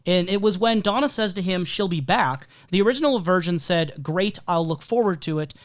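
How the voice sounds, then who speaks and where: A man with a high voice co-hosts a casual podcast, thinking out loud and laying out his points analytically. Now and then he reads quoted passages aloud. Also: a little fast. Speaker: podcast co-host.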